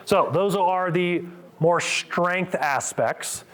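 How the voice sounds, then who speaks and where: A man's voice: sits high, extremely slow, a bit bright. A middle-aged man, a physical therapist, coaching a live group through exercises with upbeat cues and counts.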